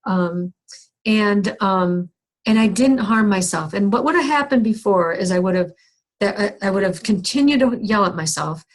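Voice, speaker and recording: A woman's voice: medium pitch, animated, moderate pace. A middle-aged woman counselor telling a candid, self-deprecating personal story in a skills workshop, with many restarts and fillers. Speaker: counselor teaching a skills session.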